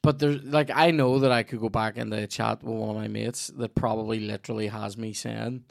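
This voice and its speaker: A man's voice: fairly low pitch, steady tone, a little fast, vocal fry. A young man with a Northern Irish accent hosting a podcast, chatting casually in a rambling, sweary way with lots of restarts. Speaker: podcast host. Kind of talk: casual chat.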